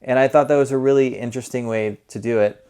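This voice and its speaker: A man's voice: medium pitch, steady tone, fast, mellow, clean tone. A man giving a casual spoken movie review, conversational and rambling, often correcting himself as he goes. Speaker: film reviewer.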